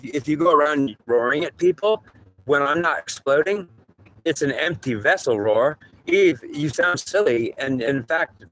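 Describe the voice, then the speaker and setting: A man's voice: medium pitch, fairly bright tone, a little hiss or hum, low-quality recording. A man giving a rambling spiritual talk, often restarting and repeating himself while acting out dialogue. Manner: rambling, repetitive, acts out dialogue. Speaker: spiritual teacher.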